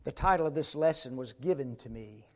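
A man delivers a sermon in a medium-pitched, animated voice at a fairly quick pace. He swings between loud, emphatic peaks and hushed near-whispers, often tossing rhetorical tag questions to the congregation.

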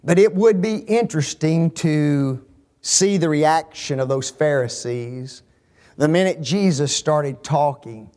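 A man preaching a sermon, dropping to near whispers and rising to shouts, asking the congregation rhetorical questions. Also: on the high side, slow. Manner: emphatic, swings from hushed to shouting, rhetorical questions.

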